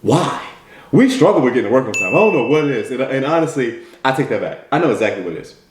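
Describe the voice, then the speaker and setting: A man's voice: medium pitch, sing-song, quick pace, background noise. A man from the United States giving a direct, repetitive motivational talk as a mentor. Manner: direct, repetitive, keeps asking "right?". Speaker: motivational speaker. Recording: roomy echo.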